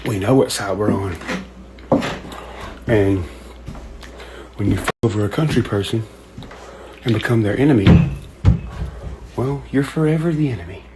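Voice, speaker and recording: A man's voice: lowish voice, a little slow, pauses often, very noisy. A man with a Southern US accent, talking bluntly in a folksy, plain-spoken monologue. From American South. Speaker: host. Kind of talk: casual monologue.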